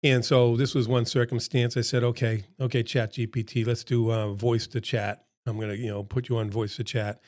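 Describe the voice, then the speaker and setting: A middle-aged man leads a seminar in a loose, conversational pep-talk manner, circling back to hammer his points home. His voice sits at an ordinary male pitch, with a slightly froggy throat running through it. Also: level tone, moderate pace, few pauses, darkish tone. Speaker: seminar presenter. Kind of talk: casual motivational seminar talk.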